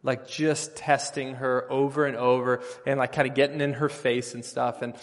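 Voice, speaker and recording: A man's voice: medium pitch, level tone, normal speed. Earnest preaching man in a reverberant hall. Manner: earnest, storytelling, rising to emphatic bursts. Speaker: pastor. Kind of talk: sermon.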